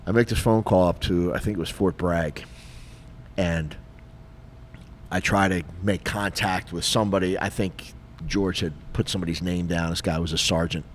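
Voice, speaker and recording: A middle-aged retired police officer co-hosting a podcast, telling a story in a lively, casual way and acting out the dialogue. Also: male voice, low voice, moderate pace, slight background noise. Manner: animated, acts out dialogue, frequent fillers.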